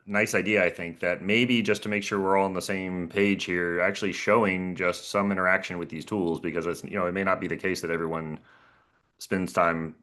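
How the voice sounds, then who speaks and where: A man on a video call panel explaining a tool in a casual, halting way, often repeating words and chuckling. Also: sits low, flat delivery, a bit bright. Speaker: panelist and professor.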